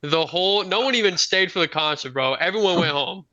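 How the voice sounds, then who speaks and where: A man's voice: sits high, expressive, a little fast, a crowd in the background. A young man on a podcast casually telling a story in a laid-back, slangy way. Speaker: podcast co-host. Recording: dull lo-fi sound.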